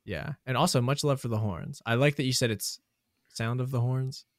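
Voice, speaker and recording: A man's voice: mid-range voice, moderate pace, dry recording. A young man hosts a loose podcast chat, rambling playfully and laughing at his own slips. His voice sits mid-range and the recording is dry. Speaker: podcast host. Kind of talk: casual chat.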